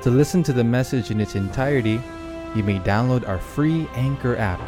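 A man's voice: mid-range voice, brisk. A man reading formal radio announcements around a sermon broadcast. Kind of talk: scripted announcement. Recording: radio program with music bed.

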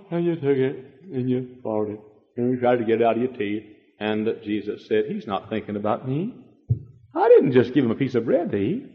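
A preacher delivers a sermon in a long-ringing church hall, the old recording dull and muffled. His voice is mid-pitched, dropping to near murmurs and then surging into high, shouted peaks. He stumbles and repeats words as the fervor builds. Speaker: pastor. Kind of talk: fiery sermon. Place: church sanctuary.

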